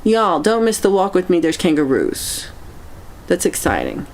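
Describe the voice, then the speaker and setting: Meandering, halting woman. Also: on the low side, huge pitch swings, darkish tone. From United States. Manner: meandering, halting, chatty, reacts to chat comments. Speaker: livestream host. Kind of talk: casual livestream chat.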